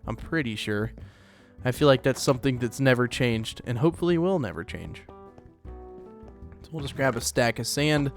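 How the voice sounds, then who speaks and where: Guy chatting thru his let's play, rambly, mid pitch, soft music in the background. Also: animated, normal speed. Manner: rambling, chatty, lots of fillers and laughs. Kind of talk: casual gameplay commentary.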